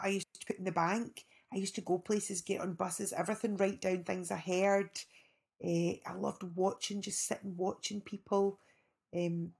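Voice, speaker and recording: A woman's voice: medium pitch, creaky, breathy edge. Chatty Scottish woman telling stories. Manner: animated, rambling anecdotes with restarts. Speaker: actress guest. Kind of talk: casual storytelling chat.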